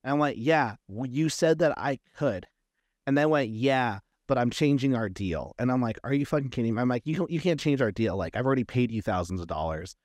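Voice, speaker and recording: A man's voice: mid-range voice, expressive, brisk, darkish tone, no room sound. A man as an interview guest, telling a story casually and acting out quoted exchanges. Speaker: comic book creator, guest.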